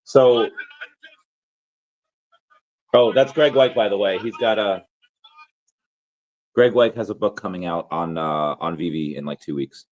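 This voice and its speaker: A man with a hoarse, worn-out voice, chatting casually and rambling with many restarts and fillers as a crypto vlogger. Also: deep voice, unhurried, pauses often, darkish tone, dull audio. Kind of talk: casual chat.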